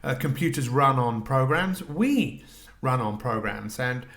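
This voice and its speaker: A man's voice: medium pitch, animated, measured pace, a bit bright. A middle-aged man hosting a solo coaching podcast, talking reflectively, asking the listener questions and restarting his sentences.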